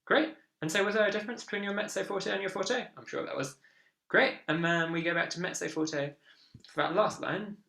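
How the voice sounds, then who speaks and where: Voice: medium pitch, brisk, gravelly, bright, forceful tone. A viola teacher giving an online lesson, encouraging and counting beats aloud. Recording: echoey room with viola playing.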